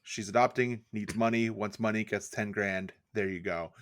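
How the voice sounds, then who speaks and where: A man co-hosting a podcast in casual chat, riffing jokes and dropping deadpan asides. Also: lowish voice, moderate pace, no room sound, studio quality. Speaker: podcast co-host.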